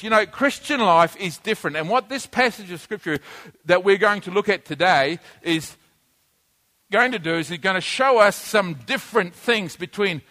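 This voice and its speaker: A man pastor teaching a sermon, slow and emphatic, repeating key words and drawing in his listeners. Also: sits high, fairly bright tone. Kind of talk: sermon with audience interaction.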